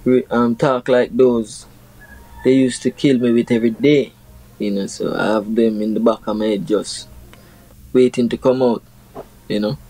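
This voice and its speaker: A man's voice: mid-range voice, fairly even intonation, moderate pace, pauses often, mellow, poor audio. A young Jamaican man, a reggae artist, chatting casually in an interview and explaining his lyrics through proverbs with many "you know"s.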